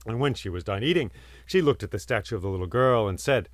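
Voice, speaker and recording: A man telling a folk tale aloud, expressive and lingering on vivid words, sometimes dropping to a hush. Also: fairly low pitch, fast, dry recording, clean studio sound. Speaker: storyteller and podcast host. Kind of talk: oral storytelling.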